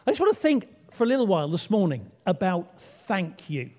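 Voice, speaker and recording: A man's voice: sits high, very animated, a little fast, a little mellow. A man leading an all-age church talk, playful and chatty, drawing the congregation in. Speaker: church leader. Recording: long hall reverb.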